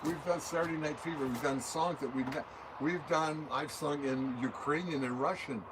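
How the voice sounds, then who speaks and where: A man's voice: a little high, normal speed. An older man, a musician being interviewed in a recording studio, answering in a loose, rambling, anecdotal way. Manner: rambling, anecdotal, talks with his hands through examples. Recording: steady background noise.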